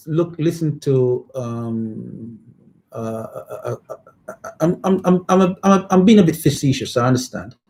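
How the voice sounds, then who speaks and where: A man in a casual podcast discussion, animated and stammering at times, slipping into patois to make a point. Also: medium pitch.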